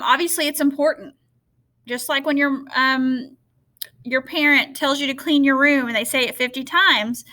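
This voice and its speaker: Woman teacher going slow and patient on a remote lesson, high bright voice, lots of okays. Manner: patient, explains slowly with many okays.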